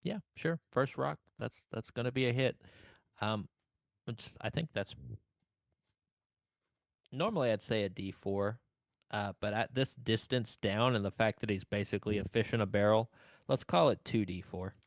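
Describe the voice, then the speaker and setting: A young man narrating as game master of a tabletop game, slow and hesitant with many fillers. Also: lowish voice, creaky, no echo, clean studio sound.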